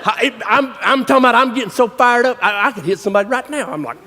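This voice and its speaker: A man with a Southern US accent, preaching a sermon as a folksy, animated storyteller. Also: very high-pitched, very fast. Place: church hall. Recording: long reverb of a large hall.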